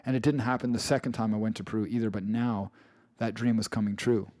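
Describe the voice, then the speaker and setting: A man's voice: on the low side, steady tone, fast, darkish tone, dry recording. Earnest English man telling his story. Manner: earnest, with restarts and repeated phrases. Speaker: author narrating his own audiobook. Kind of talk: first-person memoir narration.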